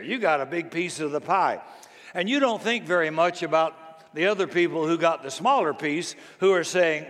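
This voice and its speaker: An older man, a grandfather, preaching a sermon in a folksy, storytelling way, slow and deliberate. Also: on the high side, expressive, a bit bright. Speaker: pastor. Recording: long hall reverb.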